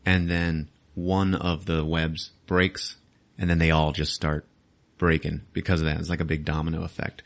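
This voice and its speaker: Man, very deep voice, casual movie recap, laughing, swearing. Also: little pitch movement, normal speed. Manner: loose, laughing, swears often, acts out the scenes. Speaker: podcast host.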